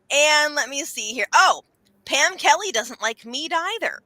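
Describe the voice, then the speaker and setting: A woman's voice: high voice, expressive, a little slow, bright, forceful tone, no echo. A woman hosting a live online telethon, reading viewer comments aloud and laughing along with her guest. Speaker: telethon host. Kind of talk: casual live-stream hosting.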